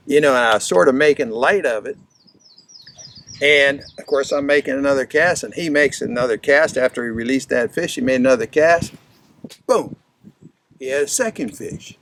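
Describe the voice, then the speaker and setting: A man teaching fishing through a folksy, animated story from his own experience. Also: medium pitch, moderate pace, slight background noise. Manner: folksy, animated anecdote-telling. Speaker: fishing instructor. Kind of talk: storytelling lesson.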